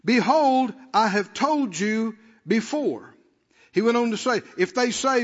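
Male preacher, high and fervent, muffled recording with long church echo. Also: animated, slow. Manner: calls out to the congregation, rising to shouts. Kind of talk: sermon.

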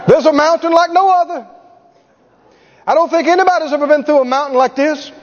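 A man voicing a weary, struggling male churchgoer who moans and pleads in a drawn-out way. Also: extremely high pitch, voice pushed up. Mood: moaning. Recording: echoey hall, dull lo-fi sound.

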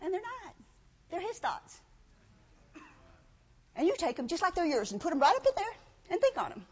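High-pitched woman preacher, chatty animated sermon, long hall reverb. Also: normal speed, lo-fi sound. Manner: conversational, rhetorical questions, animated. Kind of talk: sermon with scripture reading.

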